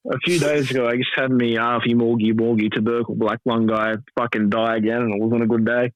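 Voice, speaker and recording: A man's voice: mid-range voice, flat delivery, brisk, no echo. A man in a casual podcast chat, full of "um" and "like", swearing as he laughs. The audio is muffled and lo-fi, and completely dry, with no room sound at all. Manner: filler-heavy, swearing, laughing. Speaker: wrestler, podcast guest.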